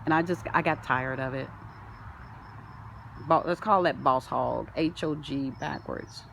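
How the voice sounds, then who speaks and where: A woman delivering a rambling spiritual monologue, full of wordplay and sing-song turns, swinging from loud declarations to soft asides. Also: a bass voice, unhurried, vocal fry, slight background noise. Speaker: spiritual self-help vlogger. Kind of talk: rambling spoken-word monologue.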